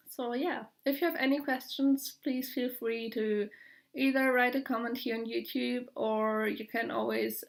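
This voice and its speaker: A young woman from Germany with a German accent, chatting casually on her podcast, pausing often with fillers and small laughs. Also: fairly high pitch, vocal fry. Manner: hesitant, full of fillers, light laughs. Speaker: podcast host. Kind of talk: casual video podcast chat.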